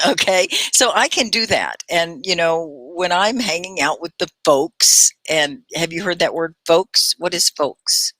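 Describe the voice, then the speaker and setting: A middle-aged woman from Texas hosting a live online English lesson, chatty and clearly articulated, greeting viewers by name. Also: deep voice, animated, measured pace, sharp tone, dry recording. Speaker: English teacher and livestream host.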